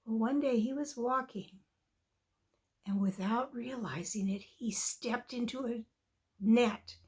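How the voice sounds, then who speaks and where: A woman reading a children's story aloud in an expressive, drawn-out storytelling manner. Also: fairly high pitch.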